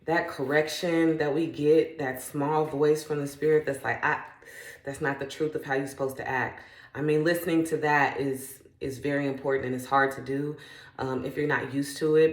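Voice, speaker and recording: A woman's voice: low-pitched, echoey room. A woman who is a parent, sharing reflective faith-based thoughts in an earnest, conversational way. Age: adult parent. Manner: earnest, conversational, often trails into "like". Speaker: self-help vlogger.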